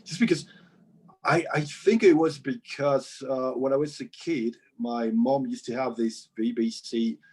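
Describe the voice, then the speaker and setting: A Mexican man, a musician and composer, speaking English with a faintly British lilt as a guest in a casual interview, relaxed and hesitant. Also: mid-range voice, measured pace, husky. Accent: slightly British-sounding English. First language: Spanish. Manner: relaxed, hesitant with many fillers.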